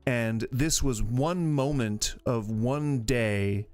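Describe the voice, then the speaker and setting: A man's voice: mid-range voice, drawn-out words, soft background music. A man hosting a live stream, giving casual, opinionated reaction commentary and arguing his points in long, rambling stretches. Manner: opinionated, argumentative, rambles with restarts. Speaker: streamer host reacting to videos.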